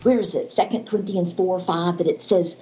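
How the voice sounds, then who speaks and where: Woman, low voice, animated storyteller in a faith-based interview, slight noise behind. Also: brisk, low-quality recording.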